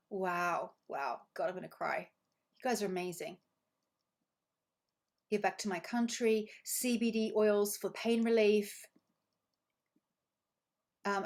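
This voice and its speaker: A woman coaching a live online group, reading out comments with bursts of praise and repeating phrases for emphasis. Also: medium pitch. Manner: effusive, reads chat comments aloud with bursts of praise. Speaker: money coach.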